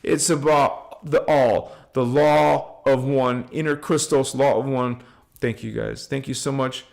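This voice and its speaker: A man's voice: medium pitch, fairly even intonation, measured pace, creaky. A man giving an informal spiritual talk to viewers, emphatic and repetitive, chanting affirmations and lists of names. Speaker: spiritual channel host.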